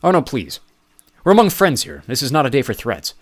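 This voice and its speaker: A man voicing a brash, loud, middle-aged American businessman who talks in a pushy, boisterous way. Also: medium pitch, wildly swooping pitch, a little fast, pitched above the performer's own voice. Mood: brash, eager. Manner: boisterous, pushy and louder than the narration.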